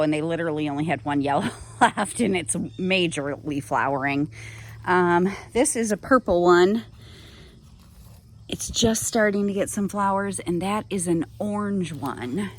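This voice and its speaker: A woman chatting casually to the camera as a lifestyle vlogger, upbeat and talkative. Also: mid-range voice.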